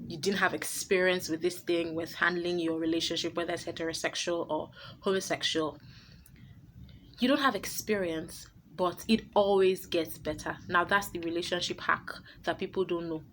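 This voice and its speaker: A woman's voice: lowish voice, fairly even intonation, normal speed, a bit bright, a little hiss or hum. A woman hosting her own advice vlog, talking to camera in a blunt, emphatic way. She laughs easily and often repeats her points. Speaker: vlogger host.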